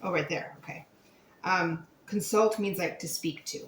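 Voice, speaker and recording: Patient, encouraging homeschooling mom. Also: female voice, fairly low pitch, moderate pace, a bit bright, slight background noise. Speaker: homeschooling mother. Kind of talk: casual teaching and vlog commentary. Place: family home.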